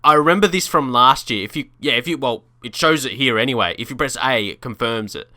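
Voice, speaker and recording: A man's voice: medium pitch, fairly quick, pushed and bright, no echo, studio quality. A young man chatting casually over his football game, thinking aloud with restarts and small laughs. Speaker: gaming video creator. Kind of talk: casual let's-play commentary.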